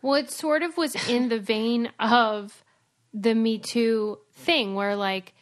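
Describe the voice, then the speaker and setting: A woman's voice: a little high, fairly even intonation, takes it slowly. A young adult woman co-hosting a podcast, chatting candidly and laughing often. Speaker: podcast co-host. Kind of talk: casual chat.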